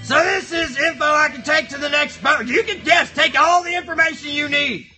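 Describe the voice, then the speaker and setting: A man's voice: very high-pitched, moderate pace, bright, forceful tone, soft background music, exaggerated voice. A man voicing a rowdy, foul-mouthed cardboard box monster, bantering crudely with a live stream chat.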